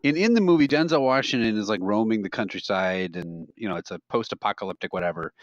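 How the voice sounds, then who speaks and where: Speaking fast at a fairly low pitch, a male podcast co-host wanders through light, comic anecdotes, frequently cracking himself up. There's no room sound, just a dry and somewhat dull podcast mic.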